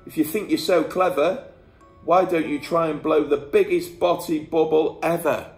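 A man's voice: a little high, steady tone, moderate pace, soft background music, voice pushed up, close to an everyday voice. A man voicing a grumpy old male hermit crab in a read-aloud bedtime story, exclaiming and scheming. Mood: indignant. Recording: echoey room.

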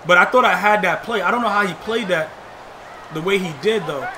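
A man giving live gameplay commentary, slangy and trash-talking, bursting into shouts at big plays. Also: high-pitched, brisk, crowd noise. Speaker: gamer.

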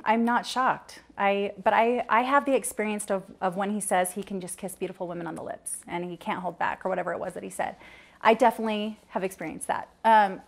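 A young woman answering interview questions, hesitant and full of restarts, at times close to tears. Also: mid-range voice. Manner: hesitant, many ums and restarts, gets teary.

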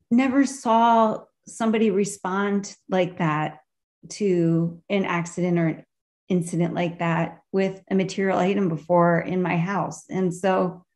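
A woman sharing a heartfelt personal memory at a memorial gathering, pausing often to search for her words, heard over a video call. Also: medium pitch, darkish tone.

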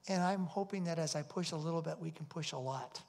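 A man's voice: a little high, a little fast, gravelly, a little mellow. A male pastor preaching a sermon to his congregation, earnest and anecdotal. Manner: storytelling, earnest, repeats himself. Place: church sanctuary. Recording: long hall reverb.

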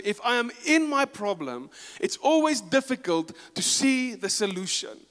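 A man with a South African accent preaching a sermon as pastor, moving between loud, rising declarations and quiet storytelling. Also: very high voice, long reverb tail. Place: church sanctuary.

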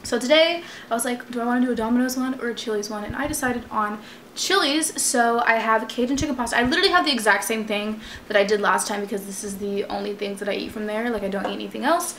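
Young woman, eating vlog at home, higher voice, chatty and filler-heavy, echoey room with household noise behind. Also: fast, a bit bright. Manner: chatty, peppered with "like" and "literally". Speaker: mukbang vlogger. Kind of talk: casual eating chat to camera.

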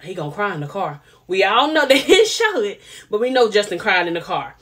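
A woman's voice: mid-range voice, sing-song, fairly quick, fairly bright tone, slightly rough. A woman, giving casual, sassy commentary on a reality TV episode and repeating herself for emphasis. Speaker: reality TV reviewer.

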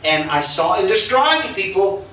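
A man's voice: sits high, very animated, normal speed, pushed and bright, a little hiss or hum. A male pastor preaching and telling stories with animation, often laughing as he speaks. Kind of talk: sermon with personal storytelling. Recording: echoey church hall, mic at a distance.

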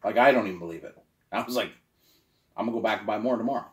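A man reviewing beer in a casual vlog, enthusiastic, swinging from quiet murmurs to loud exclamations. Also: fairly low pitch, racing.

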